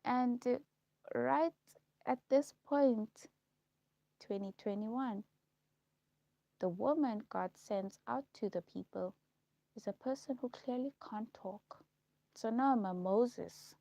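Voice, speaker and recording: Slow gravelly woman on a live stream. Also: on the high side, dark tone, dry recording, dull audio. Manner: halting, repeats herself, slow and heavy. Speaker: livestream host. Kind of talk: personal monologue on a live stream.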